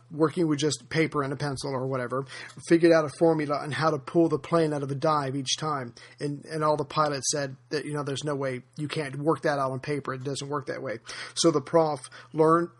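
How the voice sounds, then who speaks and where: A man hosting a history podcast, telling anecdotes in a relaxed, conversational way, with frequent fillers. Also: a little high. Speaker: podcast host. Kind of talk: casual history podcast narration.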